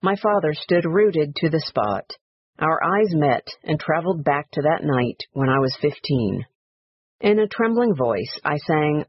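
A man reading a story aloud in a quiet, reflective, measured way, in a dry, slightly dull recording. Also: fairly high pitch, expressive, dry recording. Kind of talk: read-aloud story narration.

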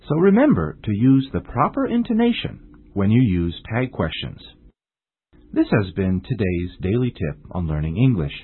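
A man teaching English in a scripted radio lesson, speaking slowly and deliberately through examples. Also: on the low side, sing-song, slightly rough. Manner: slow, deliberate example phrasing. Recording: tinny phone-like broadcast audio.

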